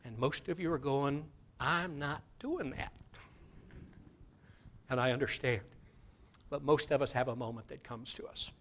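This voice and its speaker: A man giving a conversational sermon as guest minister in a church, moving between loud emphatic lines and soft guided meditation. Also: mid-range voice, fairly even intonation, brisk. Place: church sanctuary.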